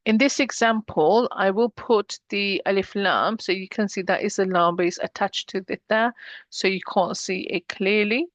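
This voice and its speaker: A woman teaching a beginner Arabic lesson, patient and explanatory, slowing down to model each word. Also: medium pitch, no room sound, dull audio. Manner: patient, slows down to model pronunciation.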